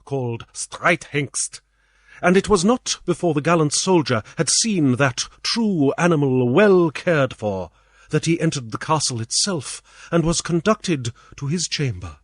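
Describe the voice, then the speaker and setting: A British man reads an old storybook aloud in a measured, expressive way. His voice sits a little high and moves widely in pitch. The recording is dry and close, with no room sound. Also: dry recording. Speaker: audiobook reader. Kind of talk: storybook narration.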